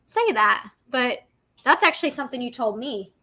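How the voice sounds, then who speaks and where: A woman hosting a casual livestream chat, talkative and quick to laugh. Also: a little high, sing-song, bright, forceful tone. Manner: chatty, laughs often. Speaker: livestream host.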